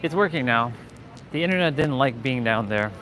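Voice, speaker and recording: A young man from Canada talks casually to his live-stream audience as he crosses a parking lot to his car, rambling and restarting often amid many fillers. He has a medium-pitched, expressive voice with a fairly bright tone, moving at a moderate pace.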